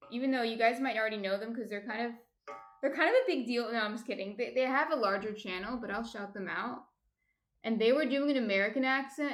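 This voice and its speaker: A woman chatting her way through a home cooking stream, light-hearted and quick to laugh. Her voice sits a little higher than usual. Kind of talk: casual cooking livestream chat.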